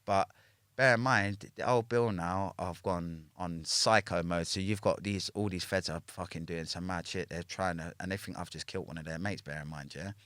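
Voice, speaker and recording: Deep-voiced London man telling a story. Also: normal speed, fairly bright tone, no echo. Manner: swears freely, ends lines with a questioning "yeah?". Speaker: podcast guest. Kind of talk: casual storytelling chat.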